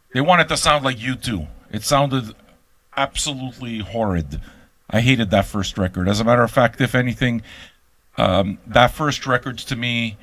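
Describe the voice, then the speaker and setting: A man's voice: medium pitch, fairly bright tone. An older man hosting an album reaction show, ranting in a brash, profane and teasing way to a live audience. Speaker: host of an album reaction channel. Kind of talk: live-streamed casual rant.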